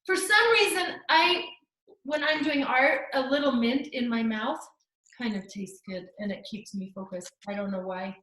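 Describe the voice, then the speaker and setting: A woman's voice: a little high, normal speed, bright, forceful tone. A woman teaching a live online art class to children over a video call, full of gushing, encouraging praise. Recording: echoey room.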